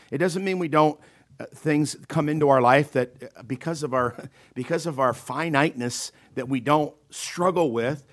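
A man preaching a sermon in a conversational way, checking in with "okay?" and acting out the voices in the scripture he reads. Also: a little high. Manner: acts out panicked and calm voices in quotes. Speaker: pastor.

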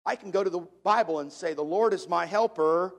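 A man preaching a sermon as pastor, emphatic, slowing down to stress the verses he quotes and drifting on and off the microphone. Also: high-pitched, creaky.

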